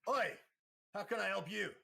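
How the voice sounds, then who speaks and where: A brusque, pushy Kova tailor who runs his shop with quick salesman patter, as a game master puts him on. The voice sits high and clipped, as a fantasy shopkeeper in a tabletop game. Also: creaky, bright, forceful tone, husky, exaggerated voice.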